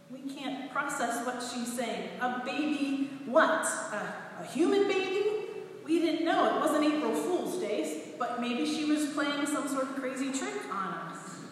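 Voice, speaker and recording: A woman in her forties, a pastor reading scripture and then telling a story in a sermon, animated and expressive. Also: high voice, slight background noise. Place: church sanctuary. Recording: echoey hall, heard from a distance.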